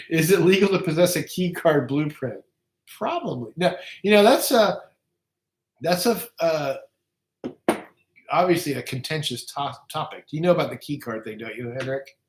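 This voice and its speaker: Brief: man, slightly high voice, loose profane livestream rambler, roomy echo. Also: expressive, normal speed. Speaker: livestream guest. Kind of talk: casual livestream chat. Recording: echoey room.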